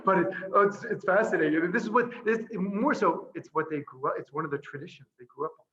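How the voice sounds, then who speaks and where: A man who is a priest and orphanage director, chatting casually over a video call, animated and laughing often as he tells stories. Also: high voice, fast, lo-fi sound. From Boston area. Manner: laughing often, animated storytelling with voiced asides.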